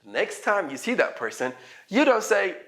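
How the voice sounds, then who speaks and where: A man teaching an English lesson in a playful, animated way, often acting out sample dialogues. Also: sits high, moderate pace. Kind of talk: casual online English lesson.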